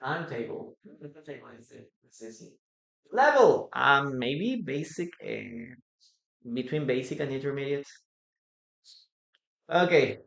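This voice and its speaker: A teacher leads a live-streamed English lesson, slowly repeating each word and answering viewers. The delivery is patient and unhurried. The voice rings in a roomy, echoing space. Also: medium pitch, wildly swooping pitch, vocal fry, fairly bright tone. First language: Spanish. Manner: repeats words slowly for pronunciation, reads out chat. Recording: roomy echo.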